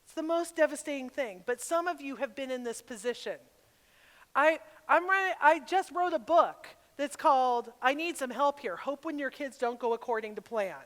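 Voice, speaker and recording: High-voiced woman telling a story in a hall. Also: moderate pace. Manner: personal, animated storytelling with sudden loud bursts. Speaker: retreat speaker. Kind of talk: storytelling talk at a women's retreat. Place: large hall at a camp retreat. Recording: long reverb of a large hall.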